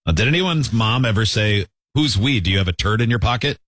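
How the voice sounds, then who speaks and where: A man's voice: lowish voice, lively intonation, brisk, a bit bright, no echo, clean studio sound. A man hosting a chatty radio show, reading out listener texts and laughing often. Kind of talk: casual chat.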